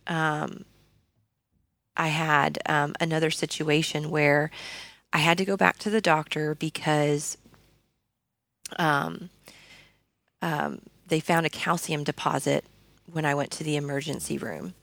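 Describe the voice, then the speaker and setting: A woman's voice: sits low, fairly even intonation, measured pace, vocal fry, long pauses, a bit bright, no room sound. A woman guest telling her personal faith story in an earnest, conversational way, with many fillers and restarts. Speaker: podcast guest.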